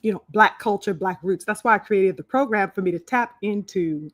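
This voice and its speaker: A woman hosts a live podcast in a loose, chatty way, full of "um"s, "you know"s and restarts. Her voice sits in a middle pitch. The sound is dry and close, with no room around it. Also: normal speed, dry recording. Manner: chatty, many fillers and restarts, greets viewers by name. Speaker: podcast host. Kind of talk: casual live-stream talk.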